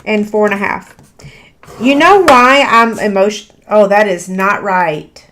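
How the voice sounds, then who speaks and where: A woman's voice: fairly high pitch, fairly bright tone, a little hiss or hum. A woman, teaching a live crafting tutorial in a chatty, self-deprecating way with frequent fillers. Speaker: paper craft instructor.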